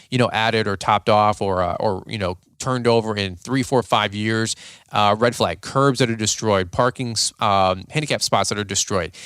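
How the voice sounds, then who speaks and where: Guy on a podcast, blunt and rambling with lots of uh's, smooth voice, mid pitch. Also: dry recording, clean studio sound. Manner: blunt, animated, repeats points with fillers. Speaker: podcast host, lawn business owner. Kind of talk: casual advice talk.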